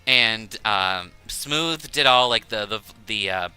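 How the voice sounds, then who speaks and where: A man's voice: fairly low pitch, expressive, slow pace, pushed and bright, clean tone, faint music behind. A man streaming a game, chatting casually, rambling and laughing often. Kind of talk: casual chat while gaming.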